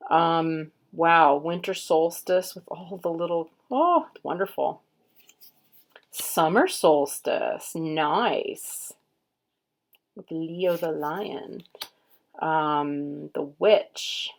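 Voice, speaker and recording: Host read: woman, lowish voice, very slow, casual unboxing chat with quiet murmured asides. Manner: unhurried, murmurs card names aloud, admiring. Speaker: tarot reader and channel host.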